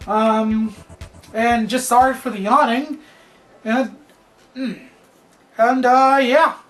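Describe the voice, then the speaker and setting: A woman with a high voice gives a loose, excitable spoken review. She rambles and keeps dropping "like" and "man" as she thinks aloud. Faint music plays softly behind her. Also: slow. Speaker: TV episode reviewer.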